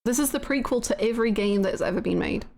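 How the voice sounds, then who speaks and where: A woman streaming a game live, chatty and excitable, often laughing. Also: on the high side, fast, vocal fry, slight background noise.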